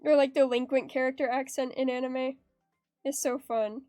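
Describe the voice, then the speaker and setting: A bubbly young woman with a high, bright-sounding voice chats casually while she draws on stream. She giggles often and reads her chat aloud. The sound is dry and close, with faint music playing behind her. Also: fairly even intonation, normal speed, dry recording. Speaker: art streamer.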